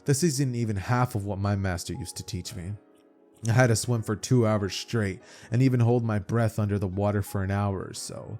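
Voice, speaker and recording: A ruthless martial artist speaks in a low, clipped, menacing monotone, as a man puts him on. He sounds cold and blunt, a harsh teacher with no patience. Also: normal speed, soft background music, natural voice.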